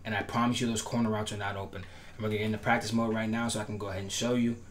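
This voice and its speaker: A man's voice: fairly low pitch, level tone, racing, a little hiss or hum. A man explaining defensive setups in a casual gameplay tutorial, emphatic and repetitive, his voice cracking at times. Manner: instructive, repetitive, emphatic promises. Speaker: gaming tutorial creator.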